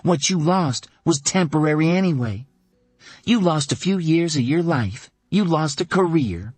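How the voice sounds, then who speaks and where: A man's voice: fairly high pitch, expressive, darkish tone, slightly rough, no echo, faint music behind, voice pushed up. A man voicing a fierce, fiery woman scolding hard. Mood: intense. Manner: mocking then furious, rapid scolding. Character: fierce blunt woman who survived a hard injury, fiery. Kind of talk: audiobook character voice.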